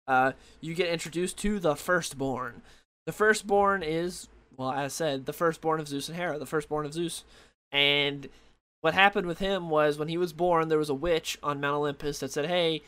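Tired young guy with a slightly high voice, meandering through a casual review. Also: steady tone, normal speed, fairly bright tone, clear, resonant tone. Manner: rambling, loses track, many fillers. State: tired late at night. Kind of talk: casual comic book review.

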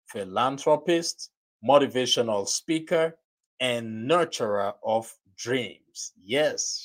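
A man with a Nigerian accent hosting a motivational podcast, enthusiastic, with preacherly build-ups. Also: medium pitch. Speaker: podcast host.

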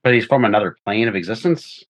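A man playing a tabletop game, speaking haltingly and repeating words. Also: on the low side, expressive. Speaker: player. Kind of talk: casual tabletop game play.

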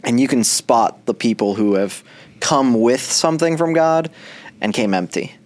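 A man who is a pastor hosting a podcast, talking in a relaxed conversation with lots of fillers and restarts. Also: medium pitch, a little slow. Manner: chatty, with many fillers and restarts. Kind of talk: casual faith podcast conversation.

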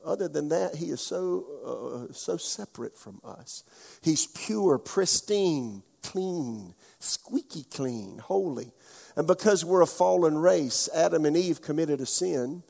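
A pastor preaches in a fairly high, gravelly voice, telling homespun stories and calling out questions to his congregation. His voice rings with the long reverb of a church hall. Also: expressive, slow, darkish tone. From South Carolina, USA. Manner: folksy storytelling, asks the congregation questions. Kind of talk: sermon.

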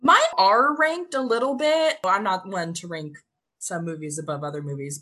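Woman, podcast guest, casual film chat, bright voice, lively. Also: mid-range voice.

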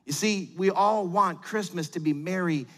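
A middle-aged man preaching a sermon as pastor, animated and acting out quotes in little voices. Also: high voice, moderate pace, big-room sound.

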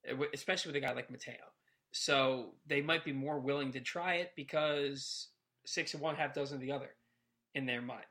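A man co-hosting a casual sports podcast, talking in a rambling, animated way and stumbling over repeated words. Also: mid-range voice, brisk. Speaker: podcast co-host.

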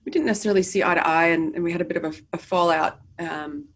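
Middle-aged American woman, interview guest, lower voice, candid and wry. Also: fast talker. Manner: candid, lively and self-deprecating. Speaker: guest, business founder. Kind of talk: casual interview storytelling. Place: office.

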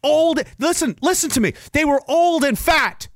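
A man hosting a podcast, delivering a sarcastic, profane rant with loud outbursts. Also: very high voice, animated, moderate pace, no room sound, studio quality. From Canada. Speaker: podcast host. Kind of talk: angry ranting monologue.

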